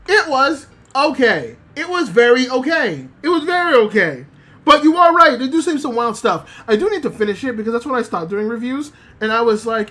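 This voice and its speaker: Her voice is on the high side and fairly quick. As a VTuber, the woman talks casually about anime, reading chat messages out loud in an animated, profane, filler-heavy ramble.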